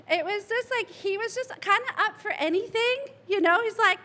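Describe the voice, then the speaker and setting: Tearful high-voiced mother giving a eulogy. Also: moderate pace, few pauses, background noise. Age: middle-aged. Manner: emotional, laughing through tears, rambling anecdotes. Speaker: eulogy speaker, friend's mother. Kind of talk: memorial speech. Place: memorial gathering hall.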